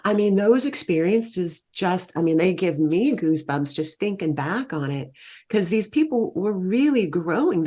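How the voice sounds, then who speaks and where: A woman leading meditation retreats, telling lively travel stories in a conversational interview. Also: fairly low pitch. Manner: animated, warm storytelling that lifts into quoted exclamations. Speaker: guest, meditation retreat leader. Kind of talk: conversational storytelling.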